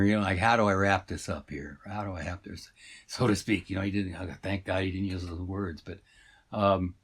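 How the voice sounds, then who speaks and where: Low husky man rambling through a tale. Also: a bit bright. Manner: meandering, full of fillers and asides. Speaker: storyteller. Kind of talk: rambling casual storytelling.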